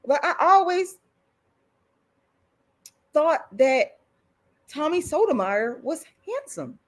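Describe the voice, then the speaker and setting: A middle-aged woman ranting on a live stream, blunt and profane, repeating herself when worked up. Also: high voice. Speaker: online commentator. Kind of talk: livestream rant.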